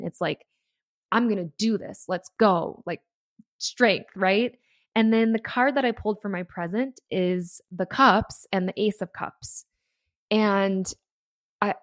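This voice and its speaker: A woman hosting her own podcast, chatting excitedly and reading tarot passages aloud. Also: medium pitch, no room sound, clean studio sound. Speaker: podcast host. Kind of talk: casual solo podcast talk.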